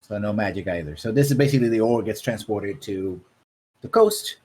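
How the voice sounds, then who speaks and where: A man's voice: lowish voice, lively intonation, brisk, a little mellow, slight background noise. A man running a tabletop game as game master, describing scenes at length and often checking in with the players. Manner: descriptive, keeps checking in with "right?".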